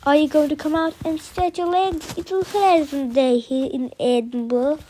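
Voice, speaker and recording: A woman's voice: high-pitched, fairly even intonation, moderate pace, dark tone, a little hiss or hum, lightly acted. A woman reading the lines of a polite ginger-haired Scottish ground worker, in a plain voice with little change from her own.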